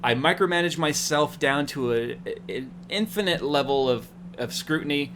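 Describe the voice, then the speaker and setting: A man hosting a casual tech talk show, telling lively stories and acting out what people said. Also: a little high, normal speed, a little hiss or hum. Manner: animated storyteller acting out quotes. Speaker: host. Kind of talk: casual chat.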